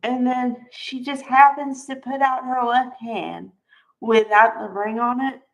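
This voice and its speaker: A woman's voice: on the high side, fairly even intonation, unhurried, low-quality recording. A woman recapping a soap opera in a casual, gushing chat, her talk full of "like". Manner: gushing, chatty, peppered with "like".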